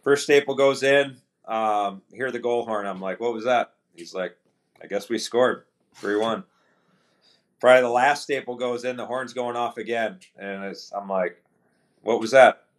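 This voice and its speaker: This medium-pitched man speaks at a moderate pace, casually recounting an anecdote as a pro hockey player on a podcast. He acts out his teammates' lines in dialogue, frequently starting over and filling pauses with filler words.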